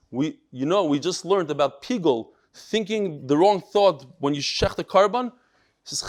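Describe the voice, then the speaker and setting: A man teaches a daily religious class in a lively, exclaiming way. His voice sits a little high. He talks with energy and mixes in words from Yiddish and Hebrew. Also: moderate pace. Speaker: daf yomi teacher. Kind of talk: lively Torah class talk.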